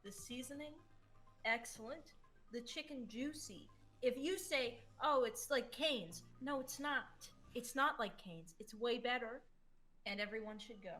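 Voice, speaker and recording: A woman's voice: fairly high pitch, unhurried, sharp tone, faint music behind. A woman, the guest's friend, chiming in with an emphatic and enthusiastic tone.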